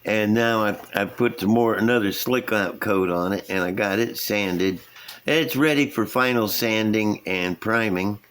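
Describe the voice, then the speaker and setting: Guy rambling about his model cars at the workbench, slow easygoing pace, folksy, talks into the camera mic. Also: lowish voice, a bit bright, a little hiss or hum. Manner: folksy, rambling, chuckles at himself. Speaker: scale model builder, channel host. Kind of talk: casual hobby vlog, showing builds.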